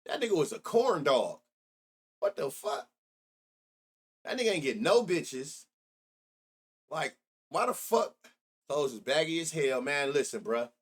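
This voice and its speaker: A man's voice: on the high side, very animated, unhurried, long pauses, slightly rough. A middle-aged man hosting a sports betting live stream, chatting loosely and profanely while reminiscing and reacting to his chat. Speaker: sports betting show host.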